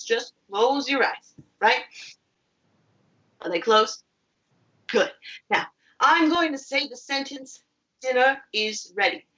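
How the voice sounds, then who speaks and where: A woman playing a friendly chef who teaches children, speaking patiently and clearly to viewers at home. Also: sits high, bright, forceful tone, highs cut off. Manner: patient, clear and encouraging, with deliberate pauses. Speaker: children's theatre educator.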